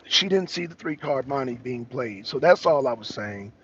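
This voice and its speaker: A man co-hosting a live show, telling a story in a casual, animated, street-wise way while he walks outdoors and calls in by phone. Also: mid-range voice, normal speed, a little hiss or hum. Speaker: show co-host. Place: walking outdoors, arriving somewhere. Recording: dull lo-fi audio.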